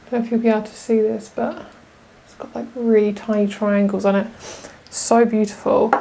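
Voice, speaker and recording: A woman's voice: medium pitch, flat delivery, a little fast, vocal fry, warm tone, slight background noise. A young woman giving a casual tarot pick-a-card reading, chatty and gushing, often laughing. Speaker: tarot reader.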